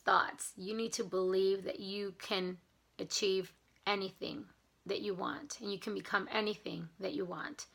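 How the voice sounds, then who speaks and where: A woman talking straight to her viewers in an earnest, heartfelt way, full of gratitude. Her voice is bright and forward, with a gravelly fry running through it. It sounds like an everyday vlog. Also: mid-range voice, fairly even intonation, a little slow. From not from Canada. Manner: earnest, grateful, getting emotional; enthusiastic about mindset and gratitude. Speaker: vlogger. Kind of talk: casual chat to camera.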